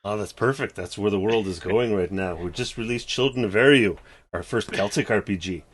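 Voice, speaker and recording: Low-voiced man pitching his books. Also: brisk. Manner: enthusiastic pitching, many fillers. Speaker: game publisher guest. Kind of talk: casual chat.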